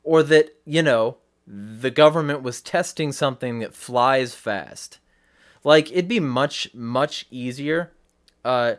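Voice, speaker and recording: Blunt, profane man ranting on a livestream. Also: mid-range voice. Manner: profane, blunt, restarts mid-sentence. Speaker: host.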